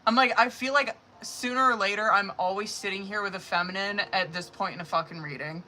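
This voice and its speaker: A woman's voice: medium pitch, fairly even intonation, fairly quick, pushed and bright. A woman giving tarot readings on a live stream in casual, profane, chatty talk that is full of laughs. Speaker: tarot reader.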